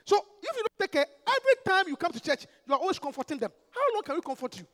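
A man, a pastor preaching an emphatic, animated sermon full of rhetorical questions. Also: very high-pitched, very fast, big-room sound.

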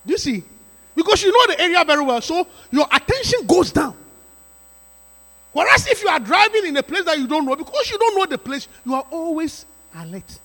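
A pastor preaching a sermon to his congregation, emphatic and repetitive, with sudden rising shouts. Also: very high voice, sing-song, a little fast. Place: church sanctuary. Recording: reverberant church hall.

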